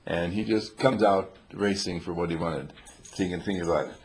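An older man with a very deep, gravelly voice tells rambling, humorous stories to a small group. He talks playfully, chuckles often and drops old-fashioned exclamations. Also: moderate pace, darkish tone.

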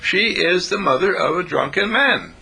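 A man preaches a sermon filled with stories, animatedly acting out the characters in them. His voice is high-pitched, creaky and slightly rough, moving at a moderate pace.

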